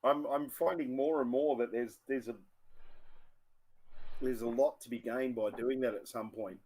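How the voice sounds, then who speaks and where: A man's voice: mid-range voice, fairly even intonation, moderate pace, a little mellow. An Australian man co-hosting a casual whisky tasting chat, thoughtful and trailing off mid-sentence. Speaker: whisky show co-host.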